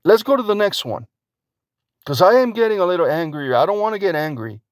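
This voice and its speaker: A man's voice: high-pitched, sing-song, a little fast, no echo, clean studio sound. A man hosting his own channel, ranting indignantly in a vlog and firing off repeated rhetorical questions while reading out screenshots. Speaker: YouTube channel host.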